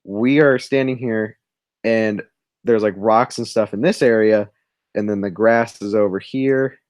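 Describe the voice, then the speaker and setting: In a fairly low, darkish voice with fairly even intonation and a measured pace, a young livestream co-host draws while telling a rambling story. He keeps interrupting himself and laughing, recorded with clean studio sound and no echo.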